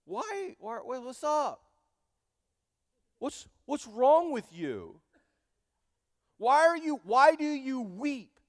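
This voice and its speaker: A man's voice: very high-pitched, sing-song, drawn-out words, pauses often, dry recording, studio quality, voice pushed up, full character voice. A man voicing a clueless, self-centered husband in a sermon, asking whiny, incredulous questions. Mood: baffled.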